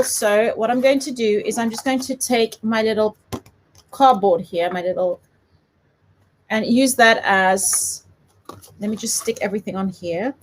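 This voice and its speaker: Woman with a bit of a south african accent, slightly high voice, chatting and laughing at herself while showing a card craft. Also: slight background noise. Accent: light South African. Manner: chatty, giggly, self-deprecating. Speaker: papercraft demonstrator. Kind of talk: chatty live craft tutorial.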